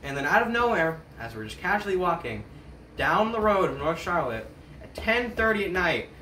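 Teenage boy, comic storytelling, bright voice, faint hiss. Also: high-pitched, moderate pace. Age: teens. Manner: animated, breaks into laughter. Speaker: talent show performer. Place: school auditorium stage. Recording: roomy hall, mic at a distance.

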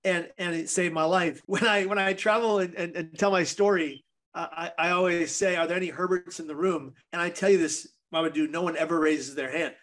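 A man's voice: a little high, steady tone, a little fast, fairly bright tone. A man guest on a podcast, telling a personal story in an earnest, vivid way.

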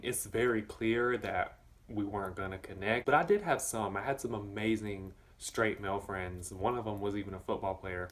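A young man from the southern United States with a Southern accent, chatting casually to camera while eating, sassy and blunt, with his mouth full at times. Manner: sassy, blunt and campy, with bursts of high exclamations. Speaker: vlogger.

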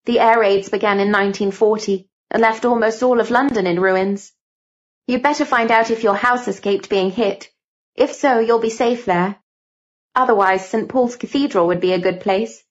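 Brief: female audiobook narrator, steady and mid-pitched, slightly dull recording. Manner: steady storytelling. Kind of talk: first-person audiobook narration.

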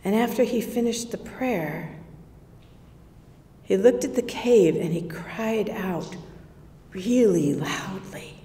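A woman's voice: mid-range voice, expressive, takes it slowly, pauses often, dark tone. A woman playing a grieving, awestruck sister telling her story in a first-person monologue, slipping into whispers at tense moments. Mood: earnest, awed. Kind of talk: first-person dramatic monologue in a worship service. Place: church sanctuary. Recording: echoey church hall.

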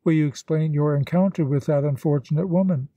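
A man's voice: a little high, a little fast, warm tone, no echo, close to an everyday voice. A man reading as an earnest young woman. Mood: hurt.

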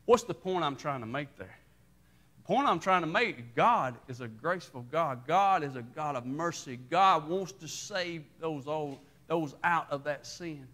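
A man preaching a sermon as pastor, telling the story with lively acted-out voices. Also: on the high side, measured pace. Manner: animated storytelling, acting out voices with rising intensity.

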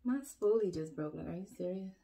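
A woman filming a relaxed get-ready-with-me at home, chatting straight to her viewers and poking fun at her own slip-ups. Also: on the low side, brisk, gravelly. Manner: chatty and self-mocking, talks straight to viewers. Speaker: beauty vlogger and mother. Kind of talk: casual get-ready-with-me chat. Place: at home, upstairs room.

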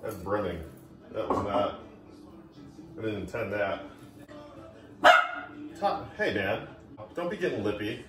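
A man talking casually to camera in a vlog, self-mocking and chatty as he mutters along. His voice swings lively up and down. The room is echoey, with music playing faintly behind. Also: fairly low pitch, slow, pauses often. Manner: chatty, self-mocking, talks to himself while pouring. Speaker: vlogger. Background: Irish music playing.

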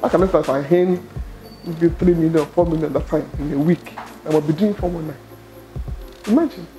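A middle-aged Nigerian woman telling her story as an interview guest, expressive and quick to laugh. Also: low-pitched, faint music behind. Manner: expressive, laughs often, acts out quoted dialogue. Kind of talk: animated personal storytelling.

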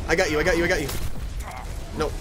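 A gaming YouTuber delivers frantic, profane live commentary while playing a team shooter, swearing and yelling at teammates. His fairly high voice barely moves in pitch, he talks fast, and the background is noisy.

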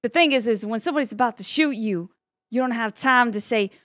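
A woman's voice: a little high, fairly quick, a bit bright, no room sound, studio quality, close to an everyday voice. A woman with a Southern US accent playing an eager, giggly young Southern belle applying to be a police cadet, in an improvised role-play. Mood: earnest. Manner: bubbly, giggly, eager to please. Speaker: job applicant.

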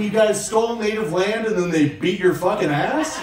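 A man's voice: high voice, moderate pace, few pauses. A man doing a profane, sarcastic stand-up set, ranting on stage before a live audience. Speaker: stand-up comedian. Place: comedy club stage with audience. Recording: live room echo, distant mic, crowd. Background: audience laughter.

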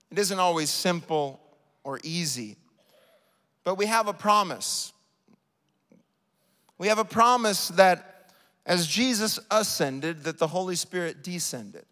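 A man preaching a sermon live in a church, rising to shouts and falling to soft, quiet stretches. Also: on the high side. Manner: impassioned preaching, builds to shouts then drops soft. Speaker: pastor. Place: large church sanctuary. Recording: live church hall reverb.

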